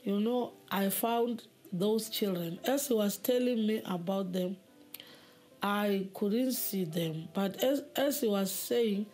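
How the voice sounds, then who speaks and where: Slow halting woman telling her testimony, keeps repeating words, mid pitch, soft music underneath. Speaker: giving a personal testimony. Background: faint music.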